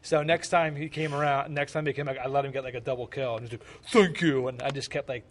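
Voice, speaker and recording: A man's voice: mid-range voice, little pitch movement, quick pace. A young man from the United States co-hosting a podcast, chatting casually and rambling with lots of fillers and repeated words. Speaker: podcast co-host. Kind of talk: casual chat.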